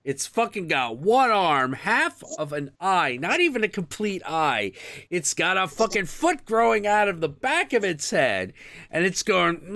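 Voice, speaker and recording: Animated man with crude storytelling. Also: unhurried, vocal fry, no room sound, studio quality. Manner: crude, animated storytelling with sudden high squeaky impressions. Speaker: host. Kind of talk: casual chat.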